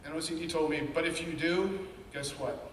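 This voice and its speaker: A man's voice: a little high, normal speed, a bit bright, slight background noise. Man telling his story in an echoey hall. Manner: candid, earnest storytelling with quoted inner voices. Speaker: speaker sharing his story. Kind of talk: personal testimony talk. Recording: echoey hall, mic at a distance.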